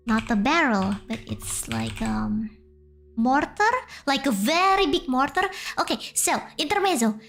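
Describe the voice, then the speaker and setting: A young Indonesian-accented woman retells a folk tale in English, pausing and restarting as she translates in her head. Her voice sits high, and she takes her time over each phrase. Quiet music runs faintly underneath. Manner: hesitant, translating as she goes. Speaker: streamer. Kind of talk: storytelling a folk tale on stream.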